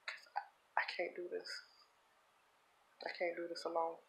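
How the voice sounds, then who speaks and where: A woman speaking in a personal confessional vlog, earnest and heartfelt, holding back tears, with halting repeats. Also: lowish voice, completely flat delivery, gravelly, rough recording. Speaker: vlogger.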